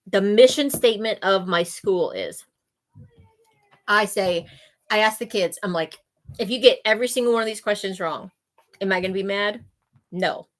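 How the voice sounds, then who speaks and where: Earnest woman teacher on a podcast. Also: mid-range voice. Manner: earnest, emphatic, giggly. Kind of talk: casual podcast chat.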